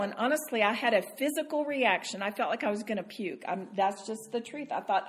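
A woman teaching a sermon to women, animated and self-deprecating, laughing often as she talks. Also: mid-range voice, a little fast, hardly any pauses.

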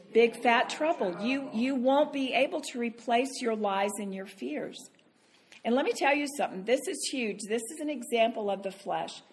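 An earnest woman delivers a conversational sermon as a Bible teacher. Her pitch sits in the middle range, and she acts out her own inner voice as she teaches.

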